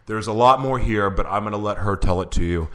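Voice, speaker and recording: A man hosting a live-streamed show, chatting casually, laughing often and reading an introduction aloud, with a voice that is going hoarse. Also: lowish voice, brisk, a bit bright. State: losing his voice. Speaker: show host.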